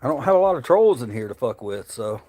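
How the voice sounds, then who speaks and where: A man from Memphis with a slow Southern Tennessee drawl. He talks loosely and profanely, rambling between chat questions on his own livestream. His pitch is a plain, middle male register. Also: very animated, mellow, breathy edge. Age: adult, married. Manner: rambling, profane, reads viewer chat aloud. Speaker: livestream host.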